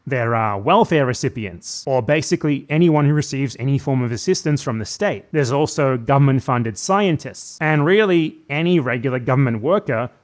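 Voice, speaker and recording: A man's voice: mid-range voice, lively intonation, normal speed, hardly any pauses. A man narrating a scripted video essay in a critical, sardonic manner.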